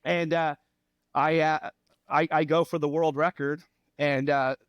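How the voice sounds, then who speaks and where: A middle-aged man with a fairly high voice spins a long, animated story and chuckles along the way. It is a casual podcast chat recorded up close in a dry, dead space. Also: a little slow, no echo, dull audio. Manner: animated anecdote teller, laughs at own stories. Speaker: head coach, podcast guest.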